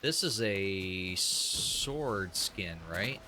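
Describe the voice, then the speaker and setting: Over a noisy background, a young man streams his gameplay and talks it through in a low, animated voice, stretching out his words. He's chatty and quick to pass judgment, thinking out loud and often starting his thoughts over.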